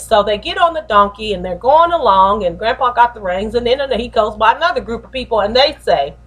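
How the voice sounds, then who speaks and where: A woman hosting a short motivational talk as a pastor, lively, slangy and preacherly in her delivery. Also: mid-range voice, fast talker, few pauses. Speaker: host and pastor.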